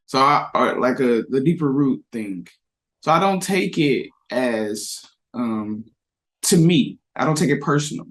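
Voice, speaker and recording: A man's voice: mid-range voice, animated, measured pace, fairly bright tone. A man on a parenting discussion panel, telling a reflective anecdote with frequent restarts. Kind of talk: casual discussion.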